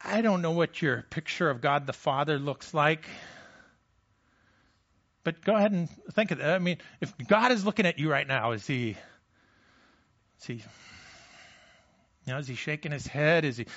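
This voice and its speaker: Man preaching conversationally, slightly high voice. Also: animated, normal speed, long pauses, a bit bright, lo-fi sound. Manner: conversational preaching, questions to the congregation. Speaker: pastor. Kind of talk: sermon.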